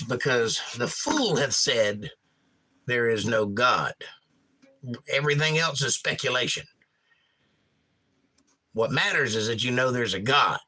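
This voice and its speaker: A man from Georgia with a hoarse voice, casually chatting on his livestream and reading viewer comments in a folksy, rambling way. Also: medium pitch, bright, forceful tone, rough recording. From Georgia, USA. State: hoarse, damaged upper voice. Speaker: livestream host and pastor.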